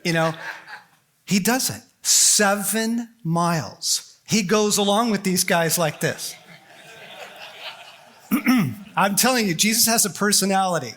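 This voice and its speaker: A man giving a storytelling sermon at a conference, animated and joking as he acts out the scenes. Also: sits high, takes it slowly, pauses often. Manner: animated and joking, acting out quotes. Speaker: conference speaker.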